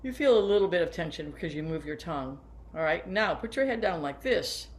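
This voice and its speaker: A woman's voice: fairly low pitch, expressive, brisk. A woman in her seventies, a band teacher, sitting down and talking teachers through posture and breathing exercises step by step. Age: 70s. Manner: warm, hands-on, guiding listeners through exercises. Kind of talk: workshop lesson for teachers. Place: seated.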